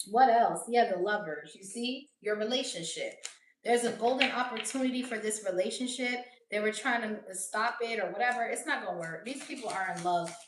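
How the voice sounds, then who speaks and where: A woman's voice: fairly high pitch, noisy background. A woman giving a casual tarot reading, blunt and profane, often laughing as she talks. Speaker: tarot reader. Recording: roomy echo, voice distant from mic.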